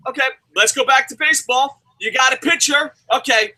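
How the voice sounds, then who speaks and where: A man co-hosting a wrestling review show, ranting loudly and cursing as he argues his point. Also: extremely high pitch, fairly quick, slight background noise, rough recording. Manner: profane, shouting, ranting. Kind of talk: heated opinion rant.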